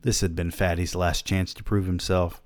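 A man's voice: low voice, level tone, normal speed, dry recording, studio quality. Sardonic man reading a story aloud. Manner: sardonic, breaks off to mock himself. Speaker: reader of a story.

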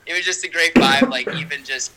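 A man gushing about basketball in casual podcast chat, excitable and enthusiastic. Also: fairly high pitch, fairly quick, a loud crowd, poor audio. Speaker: podcast co-host, basketball fan.

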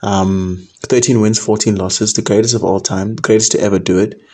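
A man's voice: fairly low pitch, fairly even intonation, normal speed, mellow. Casual rambling young man commentator. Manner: rambling, with frequent "man" and "right?". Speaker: combat sports podcast host.

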